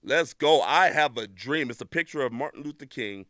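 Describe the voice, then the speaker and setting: A man's voice: medium pitch, normal speed, no echo, clean studio sound. A man hosting a podcast segment, reading out viewer memes and reacting with mock-angry outbursts. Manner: animated, mock-angry outbursts, shouting at times.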